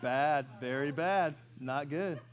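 Storytelling pastor, light and joking. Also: male voice, on the high side, slow, muffled recording. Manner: humorous storytelling, asks the congregation questions. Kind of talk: sermon.

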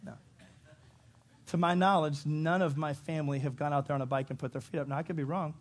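A middle-aged male pastor with a fairly high voice delivers a lively sermon. He acts out little scenes and jumps into sudden loud shouts. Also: brisk.

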